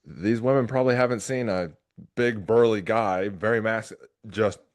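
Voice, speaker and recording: A middle-aged man with a very low voice hosts a relaxed conversational interview. He tells a personal story with animated energy, often breaking off and restarting his sentences. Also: moderate pace. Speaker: podcast host.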